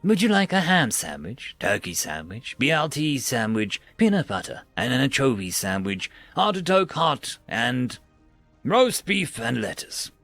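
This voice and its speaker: A man's voice: medium pitch, big pitch swings, unhurried, creaky, fairly bright tone, dry recording, faint music behind, voice pushed down, full character voice. A man voicing a petty, smug male food dispenser machine with stiff, politely formal speech. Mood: prim.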